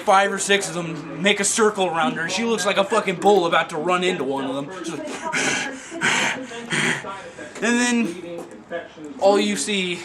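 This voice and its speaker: High-voiced man telling a profane story. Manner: profane, animated, swings between mutters and yelps; laughs while telling. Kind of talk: comic storytelling monologue.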